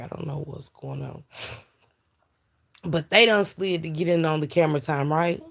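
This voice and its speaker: A woman's voice: sits low, gravelly. A tired woman hosting a casual live stream, chatting about celebrity gossip and greeting viewers in chat. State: tired, yawning. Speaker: livestream commentator.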